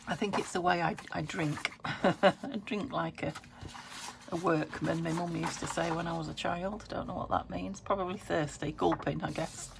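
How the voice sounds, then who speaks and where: A British woman talks through her crafting at home, thinking aloud and drifting into soft, half-muttered asides. Her voice sits on the lower side and carries a gravelly fry. A steady background noise runs under the recording. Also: normal speed. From United Kingdom. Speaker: craft vlogger. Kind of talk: casual chat while crafting.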